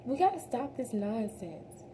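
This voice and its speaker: In a casual makeup tutorial, a young beauty vlogger speaks straight to her viewers as "y'all," her thoughts trailing off into restarts. Her mellow voice is on the high side and very animated, though a little slow. A slight hiss or hum is present.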